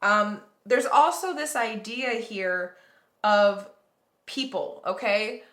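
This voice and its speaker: A woman talks through a tarot spread in a loose, rambling way, full of "like" and "um". Her voice is bright and forward, and the sound bounces around an echoey room. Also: medium pitch, slow pace. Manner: rambling, conversational, reassuring, many fillers. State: yawning, tired. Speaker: tarot reader. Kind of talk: casual tarot reading to viewers.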